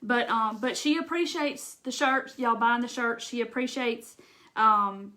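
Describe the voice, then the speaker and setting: A woman's voice: fairly high pitch, unhurried. A middle-aged woman with a Southern US accent, hosting a casual craft livestream and chatting with viewers. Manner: chatty, warm-hearted, says y'all, tearful at times. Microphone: phone or webcam livestream.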